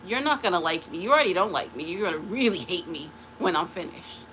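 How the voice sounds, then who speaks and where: A woman's voice: lowish voice, animated, fast, bright, forceful tone, slight background noise, low-quality recording. A woman talking to camera in a spiritual vlog, taunting an unnamed rival and then chatting in a rambling way. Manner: rambling with restarts and laughs. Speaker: vlogger.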